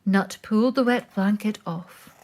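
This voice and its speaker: A woman reading a children's picture book aloud, with slow, expressive storytelling. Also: medium pitch.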